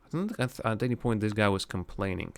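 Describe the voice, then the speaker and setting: A man's voice: fairly low pitch, expressive, fast talker, gravelly. Rambling man streaming a game. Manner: thinks aloud, rambling with restarts. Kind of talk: casual live-stream commentary.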